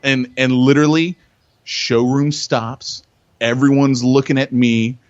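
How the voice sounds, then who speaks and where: A man co-hosting a podcast, telling stories in an excitable way, repeating himself and loudly acting out what people said. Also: mid-range voice, a little slow, dry recording, dull audio. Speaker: podcast co-host. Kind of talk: animated storytelling chat.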